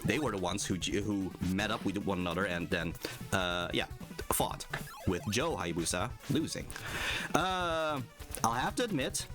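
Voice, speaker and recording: A man's voice: lowish voice, expressive, moderate pace. A male game streamer giving casual, rambling commentary over his playthrough and laughing often. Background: game music.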